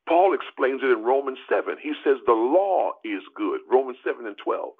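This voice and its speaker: A man, a pastor, preaching an animated sermon on a prayer call, calling out to listeners as y'all and rising high for emphasis. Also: moderate pace, gravelly, hardly any pauses, slightly rough. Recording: tinny phone line.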